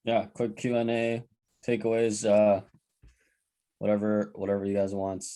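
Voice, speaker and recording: A man hosting a video call meeting, relaxed and offhand as he opens the Q and A. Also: fairly low pitch, unhurried. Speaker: meeting host.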